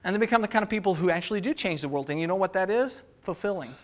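A man preaches a sermon as pastor in a high, animated voice that races along. He throws rhetorical questions at the congregation and acts out the voices of the people he quotes.

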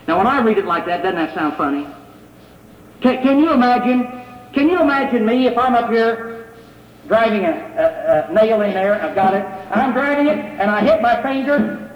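A man preaches to his congregation in a conversational way, firing rhetorical questions at them. His voice sits very high for a man. The recording is dull and lo-fi, with a roomy church-hall echo. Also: lively intonation, normal speed. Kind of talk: sermon. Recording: echoey hall, dull lo-fi sound.

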